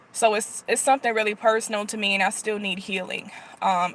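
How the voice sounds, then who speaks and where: A woman vlogging as a Christian prophetess, teaching in a relaxed, conversational way with frequent sighs and fillers. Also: mid-range voice. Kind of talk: casual spontaneous vlog teaching.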